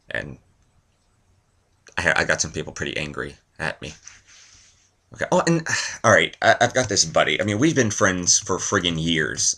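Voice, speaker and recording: A man's voice: deep voice, bright, forceful tone. A man vlogging a rambling comedy monologue, tossing out one-liners and self-mocking asides.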